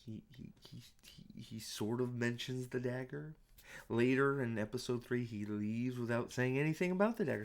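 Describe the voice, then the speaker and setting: A man's voice: medium pitch, moderate pace, gravelly. A man giving casual, sarcastic commentary while watching a show, mocking scenes and swearing freely. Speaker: show reviewer. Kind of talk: casual commentary over playback.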